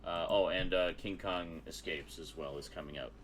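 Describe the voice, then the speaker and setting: A man co-hosting a casual geek chat stream, enthusiastic and quick to laugh. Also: sits low, fairly even intonation, a bit bright, a little hiss or hum. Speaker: co-host.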